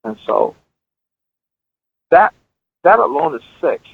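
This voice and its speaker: A man's voice: fairly high pitch, sing-song, slow pace, gravelly, breathy edge, dry recording. A middle-aged man, a guest musician, telling stories emphatically and repeating words as he builds his point, heard over a tinny line. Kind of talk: earnest storytelling in conversation.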